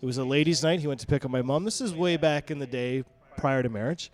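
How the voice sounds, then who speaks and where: A man co-hosting a podcast, telling a profane, animated family story in casual chat. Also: mid-range voice, fast. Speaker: podcast co-host.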